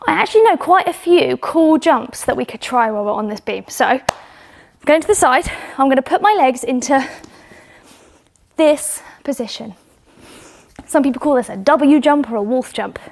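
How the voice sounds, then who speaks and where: With a high-sitting voice and some vocal fry, a young woman with a British accent coaches children in gymnastics inside her home. She's encouraging, if a little out of breath from demonstrating.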